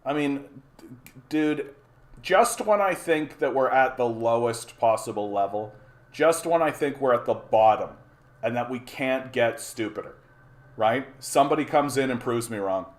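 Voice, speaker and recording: A man ranting at his live chat from a home streaming setup, heated and mocking, with a steady swear-laden delivery. His pitch sits in an ordinary middle range, and he keeps tripping over and repeating his words as the anger builds. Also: a little slow. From Canada. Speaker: livestream host. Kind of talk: angry rant to a live chat.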